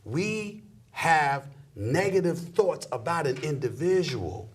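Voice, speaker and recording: A man's voice: fairly high pitch, big pitch swings, takes it slowly, breathy edge. A middle-aged man talking emphatically and preachily in a heated sports conversation. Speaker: sports commentator guest.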